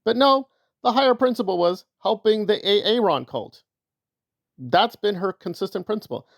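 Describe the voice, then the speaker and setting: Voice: mid-range voice, animated, normal speed, creaky, dry recording, studio quality. A commentator giving opinion commentary in a sarcastic, argumentative way.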